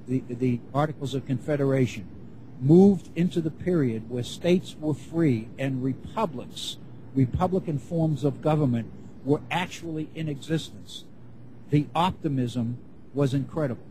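A man giving a classroom lecture, speaking in a measured way and rephrasing his points as he builds them. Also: medium pitch, warm tone, slight background noise, poor audio.

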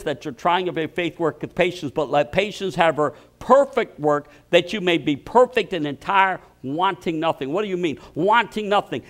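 An older man preaching a sermon. He speaks with emphatic bursts that drop to low intensity, and he repeats words as he starts his sentences. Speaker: pastor.

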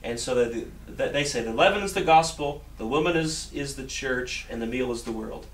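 A man's voice: mid-range voice, lively intonation, fairly quick. A man preaching a sermon in a church, earnest, often repeating himself and restarting phrases. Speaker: pastor. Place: church sanctuary. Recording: roomy echo, mic at a distance, faint hiss.

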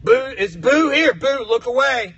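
A man voicing a crude, foul-mouthed, grumpy male box monster who hosts a live stream with shouty, mock-outraged rants. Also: extremely high pitch, expressive, a little slow, slightly rough, exaggerated voice, low-quality recording. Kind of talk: live stream chat in character. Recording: music playing behind the voice.

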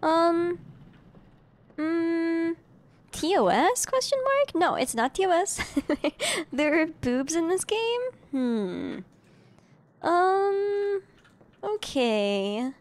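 Young woman streamer with a high voice, chatty, swears a bit while playing. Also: sing-song, drawn-out words, pauses often. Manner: chatty, talks to her chat, swears casually. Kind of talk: live gameplay commentary.

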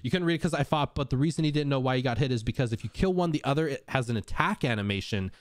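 A man streamer giving excitable live gameplay commentary to his chat, swinging between hushed talk and shouting. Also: medium pitch, very fast.

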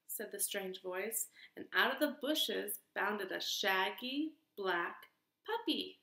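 A woman teacher reading a picture book aloud to children in an expressive, sing-song way. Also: medium pitch, slow pace, vocal fry. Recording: echoey room.

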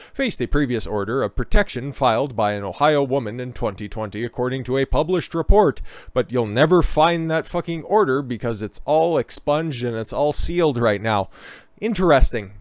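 A man's voice: mid-range voice, no echo. A man giving sarcastic, exasperated commentary, swearing often and mocking what he reads out.

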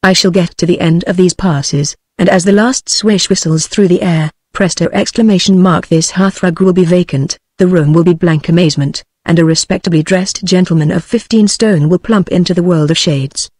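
A text-to-speech woman's voice with a British English accent, reading a story aloud as an audiobook narrator in an even, measured way. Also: on the low side, dry recording. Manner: even, measured synthetic delivery.

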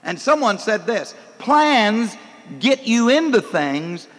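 An older man preaching a folksy, animated sermon, recorded in a church hall in the early 1990s. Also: sits high, takes it slowly.

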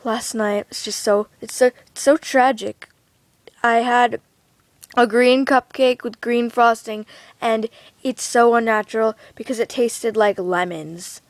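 A woman's voice: on the high side, fairly even intonation, measured pace, no echo. A woman rambling in a hyper, giggly, scattered way in a casual vlog, lying down indoors. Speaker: vlogger. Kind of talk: rambling self-promo vlog.

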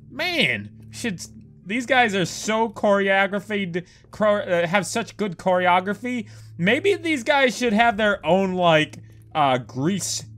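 A man giving let's play commentary on a horror game, excitable and prone to profane outbursts. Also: sits high. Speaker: gameplay commentator.

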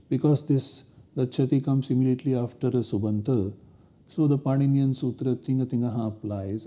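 A man's voice: medium pitch, warm tone. A man giving a university lecture, explaining step by step in a methodical way.

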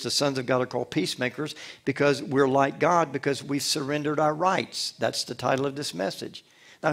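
A man preaching from the pulpit with a gravelly, fry-edged voice at an ordinary middle pitch. He builds his points through repetition and rhetorical questions, pressing each line home. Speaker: pastor. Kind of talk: sermon.

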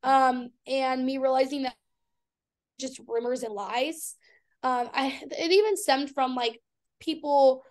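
A woman's voice: high voice, steady tone, takes it slowly. A woman in her twenties, a guest in an interview, telling her story candidly and bluntly, swearing freely. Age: 20s. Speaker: guest, fitness athlete.

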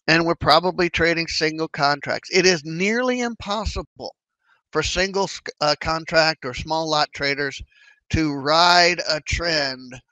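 Bright-voiced man with dry sound. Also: a little high, no echo, rough recording. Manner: conversational, animated, acts out inner thoughts. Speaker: trading educator. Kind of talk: casual explanatory talk.

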